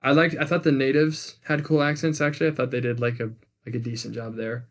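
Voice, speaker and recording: A man's voice: medium pitch, little pitch movement, fast. A man co-hosting a casual movie review podcast, giving blunt, slangy opinions. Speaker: podcast co-host.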